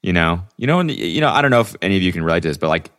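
Low-voiced dude rambling on his podcast, tons of likes and you-knows, swears a lot. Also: big pitch swings, very fast, fairly bright tone. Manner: rambling, profane, lots of fillers. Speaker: podcast host. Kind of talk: casual solo podcast monologue.

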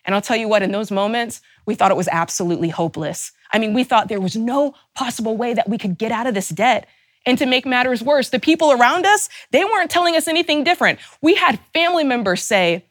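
A woman's voice: a little high, lively intonation, a little fast, no room sound, studio quality. A woman host giving a fervent, emphatic motivational talk, stacking rhetorical questions and openly angry on her listeners' behalf. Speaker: personal finance show host.

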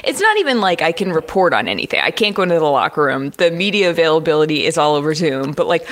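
A woman's voice: low voice, sing-song, fast talker, fairly bright tone. A woman co-hosting a sports podcast in a casual chat, teasing her co-host and laughing often.

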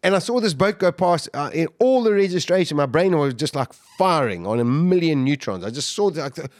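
A man's voice: a little high, a little fast, dry recording. Dry, intense middle-aged man storyteller. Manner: animated, vivid retelling with acted-out quotes. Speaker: podcast guest.

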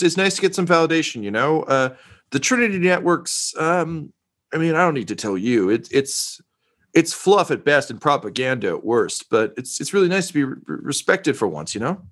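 A man's voice: a little high, a bit bright, voice pushed up. A man voicing a nervous male propaganda reporter who stammers and fishes for praise. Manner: stammering, self-pitying.

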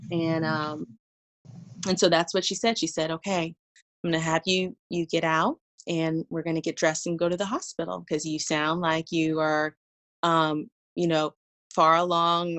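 Young woman retelling her birth story, lowish voice, acts out her own lines, laughs a lot. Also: fairly bright tone. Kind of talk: casual conversational storytelling.

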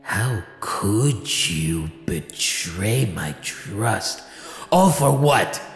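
A man's voice: fairly low pitch, expressive, drawn-out words, echoey room, long reverb tail, faint music behind, exaggerated voice. A man voicing a vain, melodramatic companion who wails theatrically and guilt-trips. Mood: wounded, guilt-tripping. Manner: theatrical, swings from wailing to wounded guilt-tripping.

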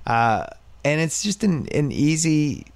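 A man's voice: on the high side, very animated, slow pace, creaky, no echo. Man, podcast host, opinionated, short bursts, close dry studio mic. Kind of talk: casual pop culture chat.

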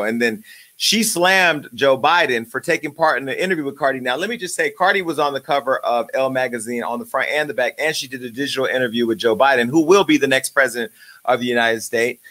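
A man with a medium-pitched, pushed and bright voice hosts his own show, delivering an uncensored comedic rant that is profane, joking and angry.

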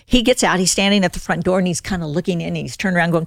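Older woman, low voice with gravelly fry, lively storytelling, dry close sound. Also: very fast, dry recording. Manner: animated, acts out quoted lines in the story. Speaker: guest. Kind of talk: casual storytelling.

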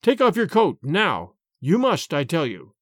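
Male reader doing a solemn, urgent peasant father in a storybook, dry close sound, lively pitch. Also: unhurried, no echo, exaggerated voice. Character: fearful, stern peasant man, head of household. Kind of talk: audiobook character reading.

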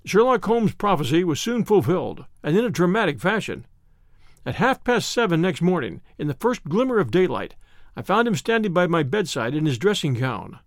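A man doing scripted audiobook narration of a period detective story in an expressive, storytelling manner. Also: high voice, normal speed, dry recording, studio quality.

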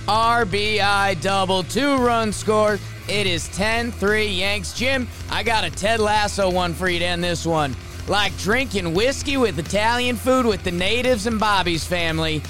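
Excitable man doing a fast game recap. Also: high voice, faint music behind. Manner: excitable play-by-play delivery, jokey. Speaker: podcast co-host. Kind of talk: casual sports chat and fast game recap.

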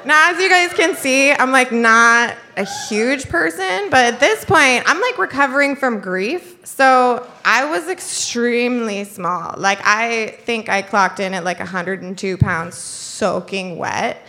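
A young woman tells a funny personal story to a crowd in an unhurried, drawn-out way. Her voice is bright and fairly high. She fills her talk with "like" and laughs her way through it. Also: animated. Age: young adult. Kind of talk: comic personal storytelling to an audience.

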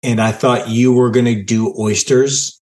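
A man hosting a podcast in casual chat, teasing and deadpan sarcastic. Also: medium pitch, a little slow. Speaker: podcast host.

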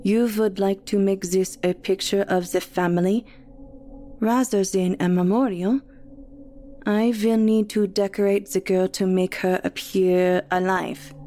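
A woman's voice: medium pitch, completely flat delivery, fairly quick, hardly any pauses, warm tone, slight background noise, natural voice. A woman voicing a tall, bearded German photographer who speaks formally and politely.

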